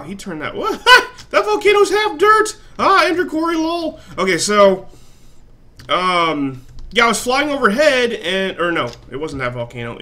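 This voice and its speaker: A man's voice: fairly high pitch, sharp tone, a little hiss or hum. A man casually narrating his own gameplay, rambling and swearing freely with a self-mocking streak. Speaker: gaming channel host. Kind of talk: casual let's-play commentary.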